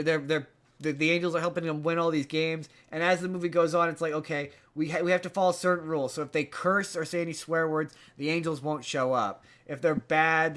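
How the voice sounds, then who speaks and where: A man's voice: on the high side, a bit bright. A man co-hosting a podcast in casual chat, retelling a movie plot in a rambling way with many restarts. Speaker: podcast co-host.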